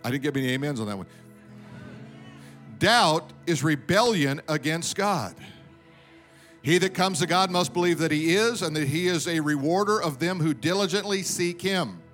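A man preaching from the pulpit in a high, ringing voice, driving his points home and calling for amens from the church. Faint music plays quietly beneath his sermon. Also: fast talker, few pauses. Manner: emphatic preaching, calls for amens. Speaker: pastor. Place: church sanctuary with congregation.

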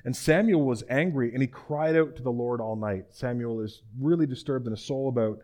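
A man's voice: medium pitch, fairly quick, a little mellow. A man preaching a casual, conversational sermon, retelling a scripture story and asking his listeners rhetorical questions.

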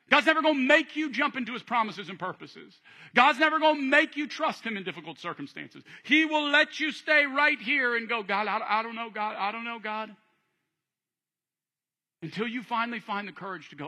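A man preaching a sermon as pastor, animated and acting out voices, joking with the congregation. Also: extremely high pitch.

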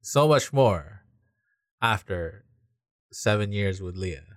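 Male co-host, low and unhurried, expressive pitch, dry close sound. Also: dry recording. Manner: slow, thoughtful, halting phrasing. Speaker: podcast co-host. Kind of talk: casual faith discussion.

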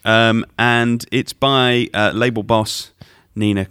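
A man co-hosting a radio show, chatting in a relaxed way and introducing tracks. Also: medium pitch, slow pace, clean tone, no echo, clean studio sound. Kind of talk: casual chat.

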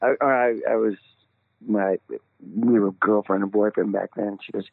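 A man, a singer being interviewed, telling an animated story and laughing at himself. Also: fairly low pitch, normal speed, slightly rough, dry recording. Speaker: guest singer. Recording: tinny phone line.

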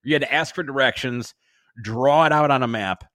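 A man's voice: mid-range voice, moderate pace, no echo. A man hosting a podcast interview, chatting casually and teasing his guest. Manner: teasing, lively. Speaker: podcast host.

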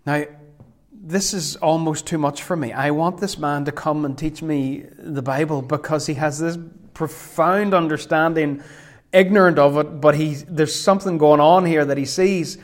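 A man preaching a sermon, emphatic, slowing right down whenever he quotes scripture. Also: a little high, steady tone.

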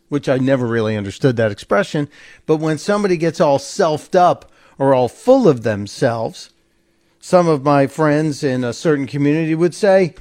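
Opinionated talk radio host, fairly high voice. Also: male voice, animated, moderate pace, a little mellow. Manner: sarcastic, opinionated, conversational. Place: radio studio.

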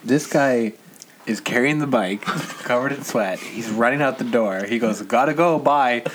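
A man's voice: medium pitch, measured pace, background noise. A man co-hosting a comedy podcast, riffing playfully on a friend's story with jokes. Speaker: podcast co-host. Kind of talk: casual comedic banter.

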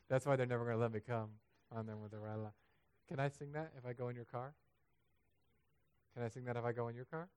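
A man preaching a sermon as pastor, animated and humorous, building to loud, emphatic peaks. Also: mid-range voice, fast, clean tone. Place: church sanctuary.

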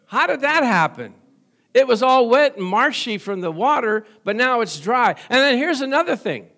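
A man's voice: very high voice, lively intonation, moderate pace, vocal fry, sharp tone. A middle-aged male pastor preaching a sermon in a folksy, joking way, often asking the congregation for an amen.

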